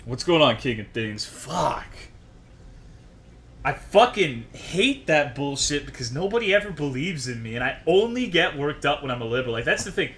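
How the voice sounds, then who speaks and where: A man's voice: on the high side, very animated, brisk, hardly any pauses, fairly bright tone. A man streaming a game, ranting to his chat in a worked-up, profane way. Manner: profane, worked-up, swears constantly.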